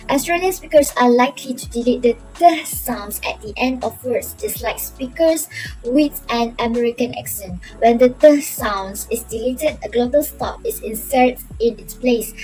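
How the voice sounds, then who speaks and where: A woman student reading a class presentation with careful, steady delivery and small slips. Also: on the high side, poor audio.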